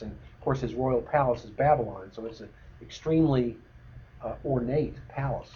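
A man teaching a bible study in a relaxed conversational way, with many fillers and restarts. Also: mid-range voice. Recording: dull lo-fi recording with faint noise.

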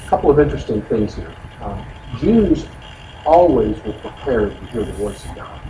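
A man leads a relaxed Bible study, explaining the text in a folksy, chatty way full of asides. He sounds distant from the mic, in an echoey room with steady noise behind him. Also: mid-range voice, normal speed. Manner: explanatory, folksy, frequent "you know" asides. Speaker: Bible teacher. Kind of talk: conversational Bible study teaching.

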